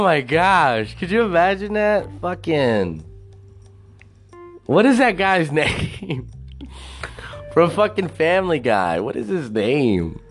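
A man hosting a podcast alone, rambling and swearing a lot, laughing at his own jokes. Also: fairly high pitch. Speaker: podcast host. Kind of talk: casual solo podcast rant.

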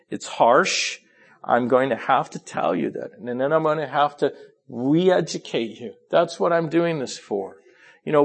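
A man preaching a sermon who drops into low, quiet asides and then rises into pleading, emphatic lines, sometimes restarting and apologizing for rushing. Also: gravelly.

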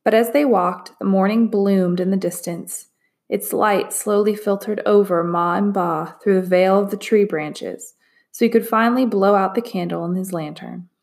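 Woman reading a storybook aloud. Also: mid-range voice. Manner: expressive, measured reading. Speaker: narrator. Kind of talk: storybook read-aloud narration.

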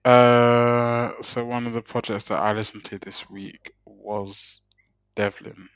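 A man's voice: mid-range voice, level tone, takes it slowly, clean tone, dry recording. A man, a podcast co-host talking casually, often laughing and restarting his sentences. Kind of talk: casual chat.

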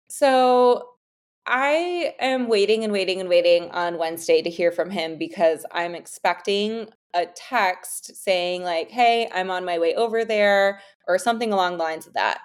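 A woman guest telling a personal story in a casual, animated, chatty way. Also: mid-range voice, a little slow, clear, resonant tone. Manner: animated, chatty, heavy use of "like" and "you know".

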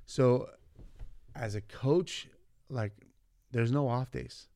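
A man in his forties with a gravelly, middle-pitched voice, telling school stories in a lively way. He leans on "man" and "like" and acts out the people he quotes. The sound is dry and close. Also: slow, dry recording. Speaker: vice principal and former coach, podcast guest. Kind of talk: casual storytelling conversation.

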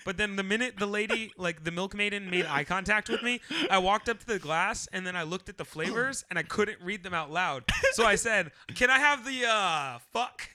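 A man's voice: high voice, a little fast, few pauses, pushed and bright. A young man co-hosting a podcast, telling a rambling, profane story with lots of laughter. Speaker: podcast co-host. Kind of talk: casual storytelling chat.

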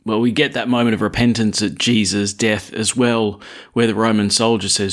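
A man preaching a sermon in a conversational, storytelling way, asking rhetorical questions and reading scripture in a slower, lower voice. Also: little pitch movement.

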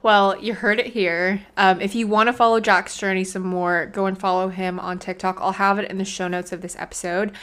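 A woman's voice: mid-range voice, level tone, a little fast, hardly any pauses, a bit bright, clear, resonant tone. A young woman hosting a casual podcast, chatty and full of "like" fillers. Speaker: podcast host.

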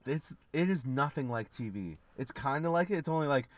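A man's voice: medium pitch, expressive, a little fast, hardly any pauses, dry recording. A man from Canada co-hosting a podcast, telling stories in casual chat, swearing and laughing often. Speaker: podcast co-host.

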